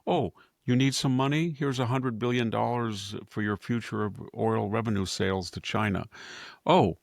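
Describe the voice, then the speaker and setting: A man's voice: on the low side, steady tone, normal speed, vocal fry, dry recording, clean studio sound. A man doing a sarcastic impression of a meek male president who begs and gives things away. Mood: pleading mockery. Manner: whiny, begging, sarcastic.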